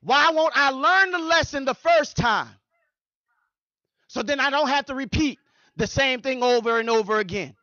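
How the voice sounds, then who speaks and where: Male pastor preaching, high bright voice, rhythmic repetition, dry slightly dull recording. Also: animated, normal speed, no room sound. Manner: preaching with repeated rhythmic phrases. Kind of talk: sermon.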